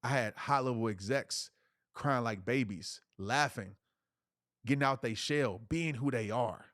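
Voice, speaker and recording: A middle-aged man speaks as a motivational coach on a live webinar. He drives points home with repeated punchy lines and casual slang, in a medium-pitched voice. His voice is recorded close and dry, with no room sound. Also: measured pace, a bit bright, no echo. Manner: preachy, punchy repetition, slangy.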